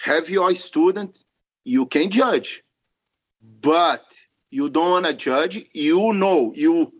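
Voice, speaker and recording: Male guest, high voice, emphatic and earnest. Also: slow pace, pauses often, slightly rough. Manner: earnest, broken non-native English, emphatic. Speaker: podcast guest, jiu-jitsu referee. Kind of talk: casual interview talk.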